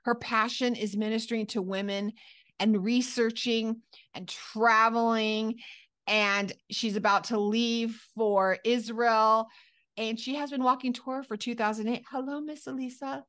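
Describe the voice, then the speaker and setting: Brief: woman podcast host, excitable, slightly higher voice, introduces and questions her guest. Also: unhurried. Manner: reads the guest intro, then gushes with excitement. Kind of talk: hosting an interview.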